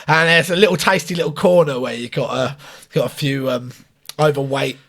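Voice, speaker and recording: Lad on a podcast, blunt and crude, chuckling a lot, voice a bit high. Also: male voice, steady tone, fairly quick, gravelly, a bit bright. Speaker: podcast co-host. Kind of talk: casual storytelling chat.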